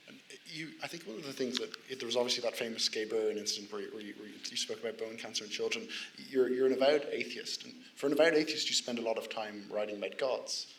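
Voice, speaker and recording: A man interviewing the guest on stage, asking quick, halting questions. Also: mid-range voice, a bit bright, a little hiss or hum, poor audio. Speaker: interviewer, student society member.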